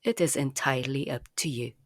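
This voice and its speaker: A woman narrating a language lesson in a slow, careful, clearly enunciated teaching manner. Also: very deep voice, no room sound, studio quality.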